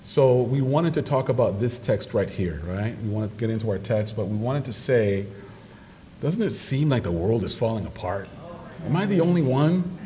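Male preacher in an echoing church hall. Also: normal speed. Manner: animated storytelling, rising to high excited pitch in quoted voices. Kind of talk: sermon. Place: church sanctuary. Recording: distant microphone in a reverberant church hall with noise.

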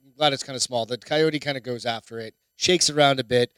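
Middle-aged man, blunt cussing co-host, smooth slightly high voice, dry close mic. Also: fairly quick, fairly bright tone, no room sound. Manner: blunt, swears a lot. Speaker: podcast co-host. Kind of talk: casual chat.

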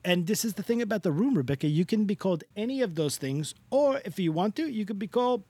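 Man putting on a gushing Italian-American greeter, comic podcast bit, raised pitch, swooping, lively delivery. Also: fast, husky, no echo. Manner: gushing, over-the-top welcoming, jokey. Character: effusive Italian-American male greeter, doting and silly.

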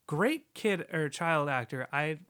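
Man, slightly high voice, animated, lots of fillers, casual movie talk. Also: slow, smooth. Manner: animated, lots of fillers, restarts and quoted lines. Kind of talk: casual film review chat.

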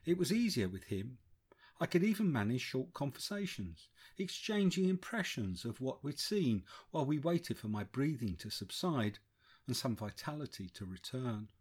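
Man, memoir narrator, husky, lively intonation, measured, descriptive. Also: mid-range voice. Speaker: audiobook narrator. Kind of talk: first-person memoir reading.

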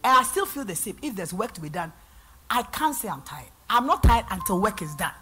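A middle-aged woman pastor from Ghana with a Ghanaian accent, preaching a sermon in church and swinging between loud and soft. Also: mid-range voice, very animated, brisk, faint music behind.

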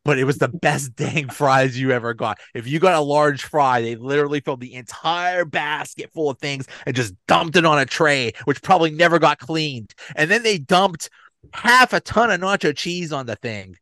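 A man hosting a casual sports podcast, relaxed and chatty, laughing often. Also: fairly high pitch, moderate pace, dry recording, clean studio sound. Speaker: podcast host.

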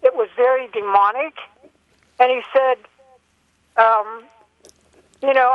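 An older woman calling in by telephone, telling a long personal story in an earnest, halting way with many fillers. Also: sits high, dry recording. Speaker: caller. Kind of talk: phone-in call. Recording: dull telephone line.

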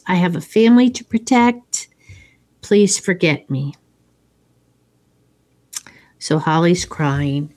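A woman's voice: mid-range voice, clean tone. A woman casually retelling a movie plot in a chat, slipping into the characters' lines as she goes. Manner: slow, storytelling with acted quotes.

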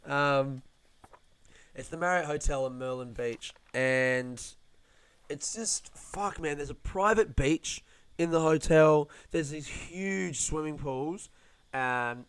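A man's voice: on the high side, unhurried, fairly bright tone, clear, resonant tone. A young man hosting a podcast, rambling through a casual, self-deprecating, sweary monologue. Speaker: podcast host, comedian.

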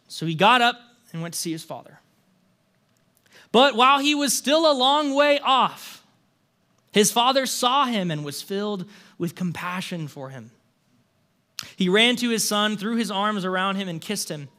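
A young male pastor preaches a sermon, reading a scripture story aloud before talking earnestly and conversationally to the congregation, with restarts and "right?" asides. His high, bright voice is expressive and forceful, a little slow, with long pauses.

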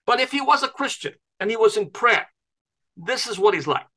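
A man speaks as a podcast guest in a jokey, self-deprecating way. His voice is high and bright. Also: lively intonation, normal speed.

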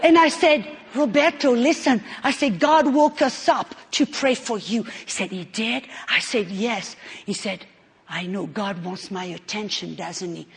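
A middle-aged woman preaching a sermon at a conference, telling a story with emphatic swings from hushed tones to shouting. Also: medium pitch, unhurried, vocal fry, breathy edge. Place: conference hall. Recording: long hall reverb.

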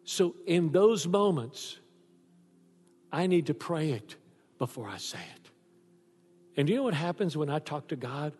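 An older man preaches a lively sermon, acting out the people in his stories. His voice sits a little high for a man. It rings with the long reverb of a large church hall. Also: unhurried, pauses often, husky, soft background music. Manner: animated storytelling, acts out voices in quotes. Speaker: pastor.

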